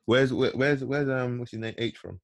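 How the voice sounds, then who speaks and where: A man's voice: medium pitch, moderate pace, vocal fry, dry recording. A man co-hosting a music show, introducing tracks and teasing his partner with playful, repetitive banter. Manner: playful, repeats words while teasing. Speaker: radio show co-host.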